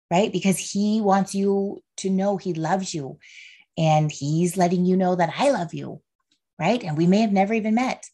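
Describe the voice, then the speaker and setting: Mellow and mid-range, her voice moves at a moderate pace. She's a woman in her thirties hosting a casual solo podcast, speaking with earnest warmth about faith and feelings and often dropping in "right?" and "okay."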